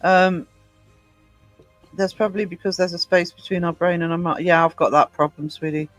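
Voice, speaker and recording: A woman's voice: lowish voice, level tone, moderate pace, dry recording, soft background music, poor audio. A woman from Northumberland hosting a livestream, chatting casually and reading out viewers' comments. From Northumberland, England. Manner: chatty, reads chat comments aloud. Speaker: livestream host. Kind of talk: casual chat with live viewers.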